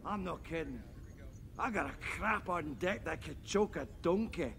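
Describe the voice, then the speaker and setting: Film comedy: a gravelly, self-pitying glutton, bright and slow. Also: male voice, on the high side, expressive, a little hiss or hum, exaggerated voice. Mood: crude. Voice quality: gravelly, bawdy. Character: obese crude boastful man, gluttonous and self-pitying.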